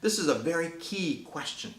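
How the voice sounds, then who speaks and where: An author and presenter promotes his children's book in an enthusiastic, folksy way. His voice is a little high with lively intonation at a moderate pace, and the room adds noticeable echo.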